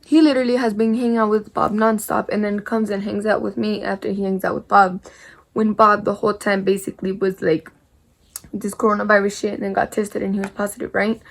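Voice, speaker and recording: A woman's voice: medium pitch, flat delivery, brisk, creaky. A young woman vlogger telling a rambling story in a casual chat while doing her makeup, full of "like" and mild swearing.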